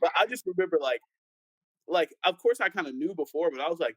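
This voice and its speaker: Young man, animated storyteller, higher-pitched voice, close dry sound, casual panel chat. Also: fast, husky, no room sound, poor audio. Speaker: pastor's son guest.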